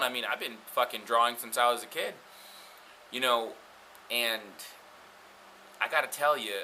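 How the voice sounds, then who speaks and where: A man with a very bright, sharp-edged voice talks straight to camera as a tattoo artist. He is blunt and foul-mouthed and keeps going off on rants, with a little steady noise in the background. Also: mid-range voice, low-quality recording. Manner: blunt, profane, ranting. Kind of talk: casual talk to camera about gear.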